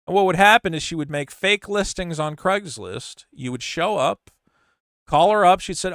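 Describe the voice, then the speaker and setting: A middle-aged man tells a story about himself in a loose, casual monologue, frank and self-mocking, stumbling and restarting as he goes. His voice sits a little high for a man and comes across smooth and clean. The sound is close and dry, with no room around it. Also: animated, normal speed, a bit bright, no echo. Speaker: channel host.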